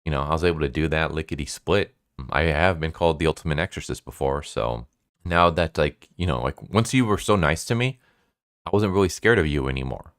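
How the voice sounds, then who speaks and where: A man's voice: extremely low pitch, fairly quick, fairly bright tone, clean tone, no echo, clean studio sound. A man voicing a timid, weepy teenage exorcist boy who talks in a whiny, self-pitying way. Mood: relieved.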